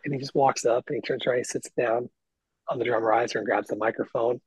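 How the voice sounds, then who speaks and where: A middle-aged man, a guest guitarist, telling stories in casual podcast chat with lots of swearing and animated emphasis. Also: mid-range voice, fast talker, breathy edge, dry recording, rough recording. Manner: profane, animated storyteller. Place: lives in Nashville.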